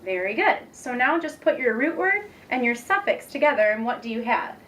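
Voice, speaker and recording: A woman's voice: a little high, big pitch swings, a bit bright. Patient young woman teaching reading. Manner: patient, encouraging, slow and clear. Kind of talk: demonstration lesson. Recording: distant mic with faint background noise.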